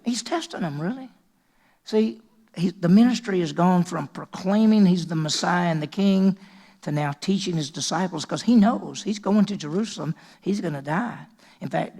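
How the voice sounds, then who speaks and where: A man's voice: high-pitched, creaky, a little mellow, husky. A male pastor preaching a sermon in a conversational way, often restarting and repeating words.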